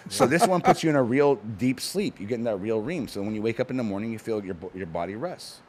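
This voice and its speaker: A man on a talk show, telling stories in a fast, animated, casual way with frequent restarts. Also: fairly low pitch, slightly rough. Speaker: guest, cannabis company founder. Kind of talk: casual chat.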